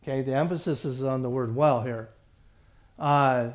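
This man leads a Bible study, reading scripture at a slow pace while he stumbles, repeats phrases and keeps clearing his throat. His pitch is mid-range and his tone steady.

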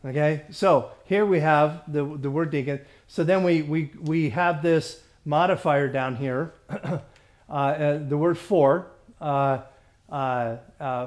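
A man teaching a Bible study class, who stumbles over his words, repeats himself and often clears his throat, reading scripture slowly. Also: a little high.

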